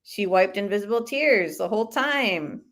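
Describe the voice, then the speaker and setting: A woman hosts a live commentary stream in a relaxed, chatty way. She gives her opinions freely and reacts to viewer comments, reading them aloud as they come in. Her voice sits at an ordinary middle pitch. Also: moderate pace. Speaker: commentary channel host.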